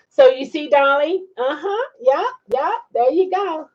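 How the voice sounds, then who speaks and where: A woman's voice: high-pitched, expressive, a little slow, lo-fi sound. A woman hosting a casual livestream, chatting and reacting to viewer comments with frequent laughs. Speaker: livestream host.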